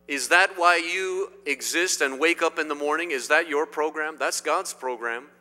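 Middle-aged male pastor from Indiana, emphatic sermon delivery, slightly high bright tone, long reverb. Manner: emphatic, swinging between loud declarations and quiet asides. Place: church sanctuary.

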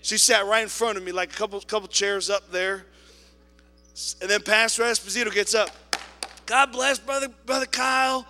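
A man preaching a sermon in a church, telling a story with quoted voices and swinging between loud appeals and soft asides. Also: high voice, fairly even intonation, moderate pace, in a large hall. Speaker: pastor. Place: church sanctuary.

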